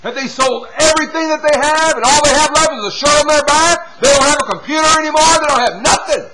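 A man preaching a sermon, dropping from loud appeals to hushed, quiet passages and punctuating with "see?" and "hallelujah". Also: very high voice, fast talker, over a noisy crowd, rough recording. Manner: swings from loud exhortation to hushed near-whispers.

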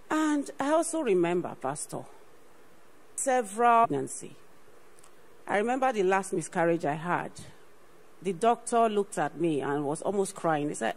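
A woman's voice: medium pitch, lively intonation, normal speed, low-quality recording. A woman, a ministry partner, gives an earnest personal faith testimony on stage, often saying "you know" and repeating herself. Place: on stage at a church program.

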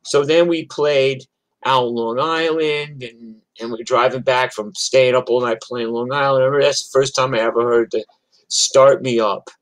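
A man's voice: medium pitch, fairly even intonation, normal speed, dry recording, low-quality recording. An older man from New York telling rambling, profane stories in casual chat on a livestream. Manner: rambling, profane, chatty with restarts. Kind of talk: casual storytelling.

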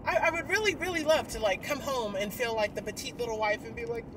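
A woman vlogging candidly outdoors, her voice lively and rising and falling a lot as she rambles through her thoughts with sighs and fillers. She sits a little way from the mic, and loud traffic rumbles behind her. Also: quick pace, recorded from a distance. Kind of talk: candid personal vlog rant.

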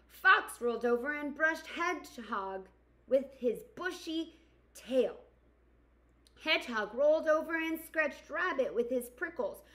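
A woman teacher reads a picture book aloud for young children. Her voice is bright and a bit high, rising and falling expressively. She takes her time and stops to ask her listeners questions. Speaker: kindergarten teacher. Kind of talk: storybook read-aloud for children.

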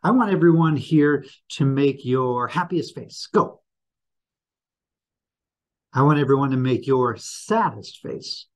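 A man giving a school morning announcement, leading students through a quiz on communication with lively questions. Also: mid-range voice, slow, pauses often. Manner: upbeat, quizzing the audience with questions.

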